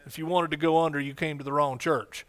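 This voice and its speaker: Exuberant preacher, raised pitch. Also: male voice, steady tone, fast talker. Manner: exuberant, bursts of shouted exclamations. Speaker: pastor. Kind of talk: sermon.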